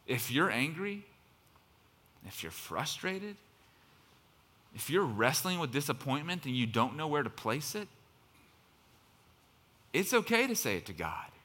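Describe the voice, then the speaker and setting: With a mid-range, pushed and bright voice, a male pastor delivers an impassioned, conversational sermon that uses fillers like "kind of" and occasionally swells into emphatic outbursts.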